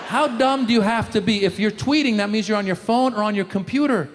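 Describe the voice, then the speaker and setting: A male stand-up comedian doing a live set, mocking and quick, talking straight to the crowd on a handheld mic. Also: high voice, in a large hall, slight background noise. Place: live comedy stage before an audience.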